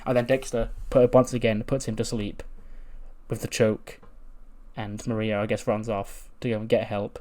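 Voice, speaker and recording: A man's voice: fairly low pitch, flat delivery, normal speed, mellow. A man giving a casual, rambling recap of a wrestling game, swearing and laughing at results. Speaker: game commentator.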